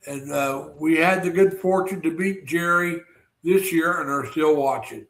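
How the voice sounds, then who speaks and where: A man's voice: a little high, measured pace, fairly bright tone. A man hosting a casual livestream, rambling and greeting viewers by name with lots of fillers and restarts. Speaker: livestream host.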